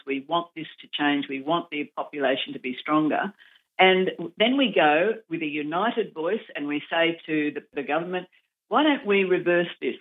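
A woman, founder of an advocacy group, speaking in an earnest, encouraging way and giving direct advice in a radio interview. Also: sits low. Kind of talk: radio interview over the phone. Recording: tinny phone line.

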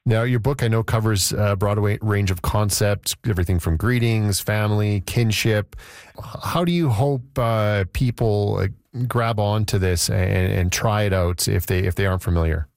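A male interviewer who asks his question haltingly, stopping and restarting as he goes. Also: lowish voice, gravelly, a little mellow, no room sound, clean studio sound.

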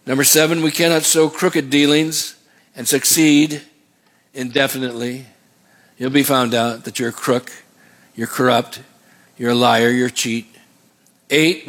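A man's voice: medium pitch, fairly bright tone. A man preaching a sermon as pastor, asking the congregation call-and-response questions.

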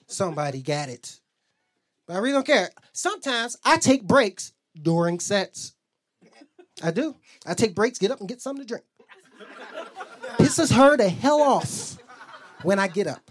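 A man's voice: sits high, sing-song, moderate pace, long pauses. A man doing a stand-up set, telling loose stories and acting out both sides of his arguments on a club stage. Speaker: stand-up comedian.

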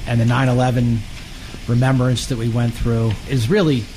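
A man, a government official being interviewed, answering in an earnest, measured way with some hesitation. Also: mid-range voice, little pitch movement, darkish tone, a little hiss or hum, poor audio.

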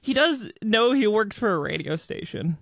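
A man's voice: high-pitched, sing-song, normal speed, gravelly, fairly bright tone, no echo. A man co-hosting a radio talk show, chiming in with dry, teasing quips. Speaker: radio co-host. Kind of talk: casual talk radio banter.

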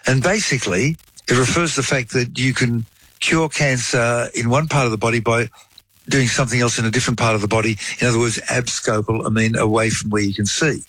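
A man's voice: mid-range voice, fairly even intonation, brisk, fairly bright tone, no echo, low-quality recording. A man explaining a medical topic in conversation, telling a case story with frequent "you know" asides. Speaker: guest explaining science.

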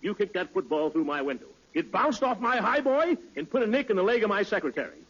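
A man's voice: sits high, sing-song, quick pace, crowd noise. A man playing a pompous, blustering neighbour in a 1940s radio comedy. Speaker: guest comedian in radio sketch. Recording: dull old radio recording.

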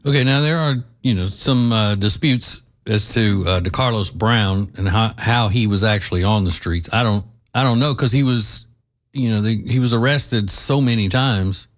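A low-pitched man hosts a solo commentary show and lays out his opinions at length. He talks in halting runs full of fillers and restarts, and slips in dry sarcasm now and then. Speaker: host.

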